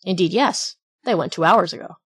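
A woman's voice: fairly low pitch, a bit bright, husky. Woman doing a glib male innkeeper. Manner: glib, quick excuses. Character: sly smooth-talking male innkeeper.

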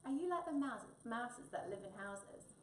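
A woman's voice: a little high, expressive, normal speed, lightly acted. An eager, muddle-headed young wombat chirps in a sing-song, childlike way, as a woman puts him on with a raised voice. The storybook reading rings through an echoey room, caught from some distance with a faint hum behind.

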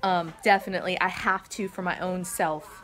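A woman's voice: fairly low pitch, fairly even intonation, moderate pace, a bit bright, a little hiss or hum. A middle-aged woman hosting a home vlog, talking to camera in an earnest, rambling way, emotional and a little shaky, with lots of fillers and restarts. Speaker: vlog host. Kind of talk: casual heartfelt talk to camera. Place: family home with kids around.

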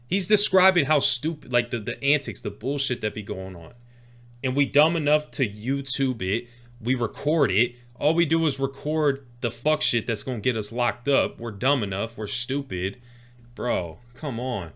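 A man hosting a music reaction video, excitedly explaining rap lyrics line by line in casual talk. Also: medium pitch, unhurried.

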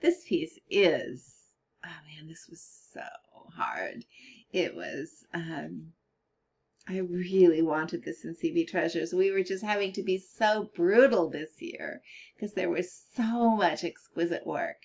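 A woman's voice: on the low side, slow, gravelly, darkish tone, breathy edge, dull audio. A middle-aged woman giving a casual spoken critique of colored pencil art, thinking aloud with fillers and restarts.

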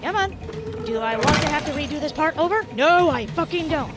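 A woman's voice: high voice, expressive, normal speed, over music. A young woman streaming a game live, talking to the characters, getting frustrated and swearing. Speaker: gaming streamer. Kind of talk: live gameplay commentary. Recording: noisy background.

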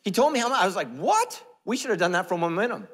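A man preaching a sermon as pastor, animated and joking, dropping to a hush and jumping up loud. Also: high voice, very fast, big-room sound. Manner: animated, joking, swings between loud and hushed. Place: church sanctuary.

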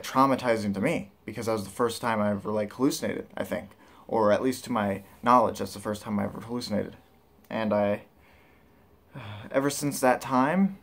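A man talking casually to camera as a vlogger, rambling and candid with lots of filler words. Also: mid-range voice. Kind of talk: casual vlog talk.

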